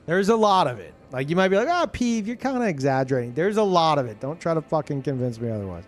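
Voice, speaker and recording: This young streamer talks fast in a voice on the high side, with soft music in the background. He rants casually about the game he's playing, swearing constantly and leaning on filler words in an animated way.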